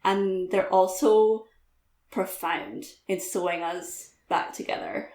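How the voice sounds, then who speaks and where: A woman's voice: mid-range voice, fairly even intonation, slow pace, darkish tone, echoey room. A woman guest author talking candidly in a podcast interview, laughing easily, with lots of "like" and "um".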